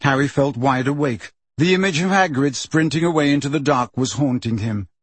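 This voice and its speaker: A man narrating an audiobook in steady storytelling. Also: medium pitch, a little fast, husky, no room sound. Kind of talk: scripted narration.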